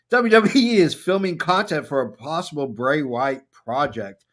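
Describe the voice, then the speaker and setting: A man hosting a casual chat show, rambling along with many filler pauses. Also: fairly high pitch, expressive, a little hiss or hum. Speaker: podcast host.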